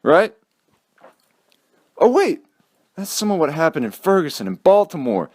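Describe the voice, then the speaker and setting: A man's voice: a little high, huge pitch swings, a little slow, pauses often, slightly rough. Heated, sarcastic young man ranting. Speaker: vlogger. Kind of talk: casual commentary.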